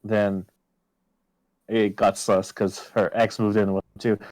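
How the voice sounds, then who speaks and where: A man with a lowish voice tells a long personal story in relaxed podcast chat. He swears freely and jumps up in pitch when he quotes himself. The recording is close and dry, with no room sound. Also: takes it slowly, dry recording, low-quality recording.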